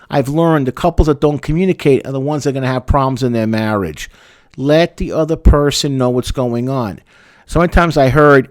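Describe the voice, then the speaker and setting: A man in a therapist's role talks straight to the listener with dry, sarcastic humor, drumming points home by repeating them. His voice sits at an ordinary male pitch, recorded close with almost no room sound. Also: darkish tone, no echo. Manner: sarcastic, emphatic repetition. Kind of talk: advice talk to camera.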